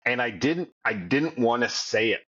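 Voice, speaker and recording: A man's voice: medium pitch, expressive, moderate pace, pushed and bright, husky, highs cut off. A man co-hosting a podcast, telling his story of getting sober in a blunt, profane way. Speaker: podcast co-host. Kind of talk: candid recovery podcast conversation.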